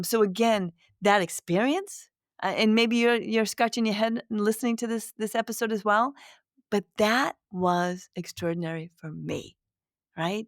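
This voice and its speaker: A middle-aged woman, a spiritual medium, telling a personal story to listeners in a gentle, reflective way with many restarts. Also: mid-range voice, dry recording, studio quality. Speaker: spiritual medium, podcast host.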